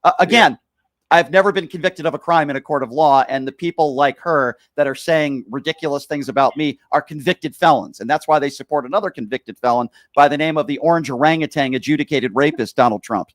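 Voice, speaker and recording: A man hosting a political call-in show, talking fast and mocking his opponents. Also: on the high side, dry recording.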